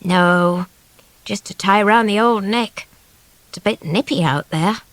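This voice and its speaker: A woman voicing a calm, weary man on the run, speaking low and unhurried, at times almost whispering. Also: no echo, natural voice.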